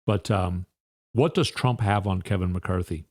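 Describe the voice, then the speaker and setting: A man's voice: sits low, measured pace, darkish tone. A man hosting a solo political commentary podcast, firing off indignant rhetorical questions in a fired-up way. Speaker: podcast host.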